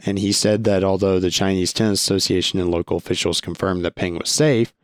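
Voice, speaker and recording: A man's voice: deep voice, fairly even intonation, a little fast, no room sound, clean studio sound. A young man hosting a sports podcast, giving blunt opinionated commentary and stumbling over restarts when he gets heated.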